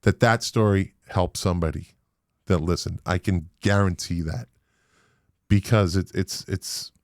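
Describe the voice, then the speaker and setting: A man with a Boston accent hosting a podcast interview, animated and emphatic, with casual swearing. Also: low voice, a little slow, no room sound, clean studio sound. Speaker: podcast host.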